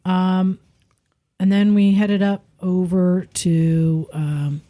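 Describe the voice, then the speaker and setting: Podcast co-host, woman, lively casual storyteller. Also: on the low side, very slow. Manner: animated storyteller, acts out quoted voices.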